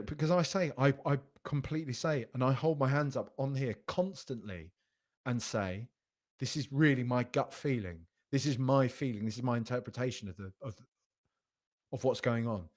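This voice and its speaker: A man's voice: medium pitch, a little mellow. A young man hosts a loose, conversational football podcast and talks straight at his viewers. He argues emphatically, circles back to repeat his key phrases, and his voice rises when he insists something is true. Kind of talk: casual live-stream commentary reading chat.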